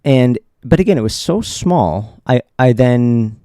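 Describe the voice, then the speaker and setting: A man's voice: medium pitch, lively intonation, a little slow, warm tone, dry recording, studio quality. A man hosting his own podcast, telling a personal story in a casual, conversational way, chuckling often and restarting his sentences. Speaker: podcast host.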